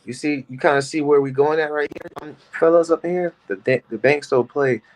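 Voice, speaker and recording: A man's voice: a little high, steady tone, a little fast, poor audio. A man co-hosting a casual money chat, talking loosely and asking questions. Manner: conversational, loose, asks questions.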